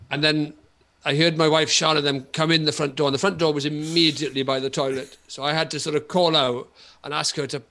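Bright-voiced Welsh man telling a story. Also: on the high side. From Wales. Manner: animated, repetitive storytelling with frequent laughter. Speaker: guest comedian. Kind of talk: comic anecdote on a podcast.

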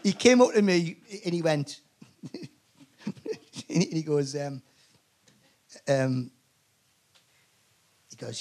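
A man's voice: a little high, lively intonation, slow, long pauses, a little mellow. A Geordie man in his sixties, a guest telling rambling, sweary anecdotes full of restarts. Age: 60s. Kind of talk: live comedy podcast interview.

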